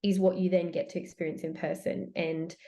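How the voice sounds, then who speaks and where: A woman talking as a guest on a podcast, giving branding advice in a chatty, animated way with quick restarts. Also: on the low side. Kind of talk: casual podcast chat.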